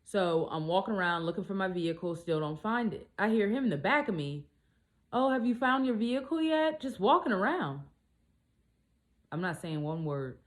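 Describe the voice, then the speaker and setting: Brief: lower-voiced woman, casual storytime, blunt and animated delivery with cursing. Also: normal speed. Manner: animated, blunt, swears freely. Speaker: single mom vlogger.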